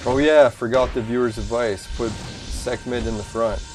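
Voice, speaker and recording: A man at a mid pitch commentating on a game, grumbling, swearing and muttering to himself as the fights go badly. Game music plays clearly under his voice. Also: fairly even intonation, normal speed, darkish tone. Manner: cursing, easily frustrated, talks to himself. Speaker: gaming channel host. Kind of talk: casual gameplay commentary.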